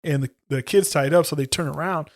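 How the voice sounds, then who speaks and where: A man's voice: brisk, dry recording. A man co-hosting a podcast, casually recapping horror stories in slang and muttering the characters' lines. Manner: laid-back, slangy, voices characters in low mutters. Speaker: podcast co-host. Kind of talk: casual profane chat.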